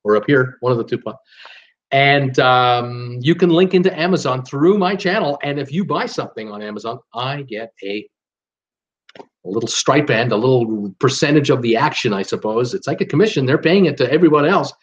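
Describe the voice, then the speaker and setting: A man's voice: medium pitch, expressive, moderate pace, highs cut off. A man from Canada hosting a live stream in a rambling, chatty way, full of "uh"s and restarts. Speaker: host of a live cruise channel. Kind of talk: casual live-stream chat.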